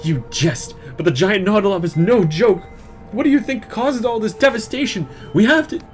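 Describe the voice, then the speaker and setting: A man voicing an excitable woman who is mayor of a village in a video game, lurching from frantic yelling to prim, overly polite chatter. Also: a little high, brisk, faint music behind, pitched above the performer's own voice. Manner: frantic shouting, then prim and overly courteous.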